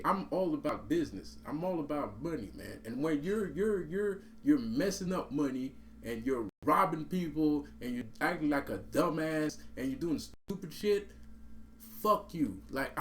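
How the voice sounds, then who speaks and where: A man's voice: fairly high pitch, a little hiss or hum. Profane streetwise man telling a story. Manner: profane, streetwise, laughs often, says bro and man; repeats and restarts words. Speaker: vlogger. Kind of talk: casual storytelling monologue.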